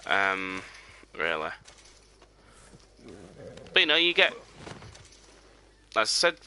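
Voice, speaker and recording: A man's voice: low-pitched, big pitch swings, takes it slowly, bright, forceful tone, slight background noise. A man streaming a game, chatting casually and rambling with lots of "you know" and "um" fillers. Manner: drops to a near whisper while sneaking up on game. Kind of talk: casual live gameplay commentary.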